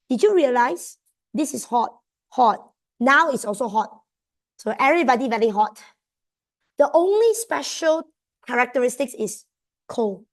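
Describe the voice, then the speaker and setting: A young woman with a Malaysian accent tutoring students online, switching between English and Malay as she coaxes them through exam answers. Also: high-pitched. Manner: mixes English with Malay terms, coaxing students. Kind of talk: online exam revision class.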